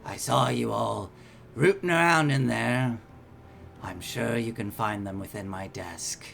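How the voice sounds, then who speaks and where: A man's voice: mid-range voice, measured pace, gravelly, a bit bright, a little hiss or hum. A man voicing a weary, defeated captured ship captain who answers grudgingly.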